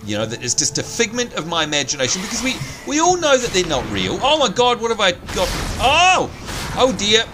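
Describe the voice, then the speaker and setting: A man's voice: sits high, huge pitch swings, brisk, noisy background. A man hosting a let's play, chatting through gameplay and panicking and yelping when he is scared. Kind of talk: gaming commentary.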